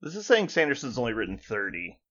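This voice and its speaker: A man co-hosting a podcast in casual chat, an animated storyteller who acts out both sides of exchanges, swears freely and laughs as he talks. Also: mid-range voice, fast, lo-fi sound. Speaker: podcast co-host.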